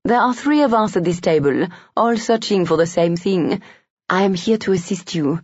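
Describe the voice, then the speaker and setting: A man's voice: sits high, expressive, normal speed, darkish tone, no echo. Lisette, a purring French femme fatale, read by a man. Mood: sly. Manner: purring, sweetly menacing. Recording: dull lo-fi dry audio.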